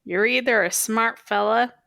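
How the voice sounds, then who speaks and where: A woman's voice: on the high side, moderate pace, vocal fry, bright, forceful tone, dry recording, studio quality. A woman doing a drawling country bear. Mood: folksy. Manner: drawling country-accented put-on. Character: folksy male country bear spitting tobacco.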